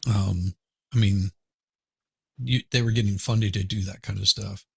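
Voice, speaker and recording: A man's voice: on the low side, steady tone, unhurried, gravelly, slightly rough, no room sound. A man appearing as a guest on a casual livestream chat over a video call, rambling and trailing off mid-sentence.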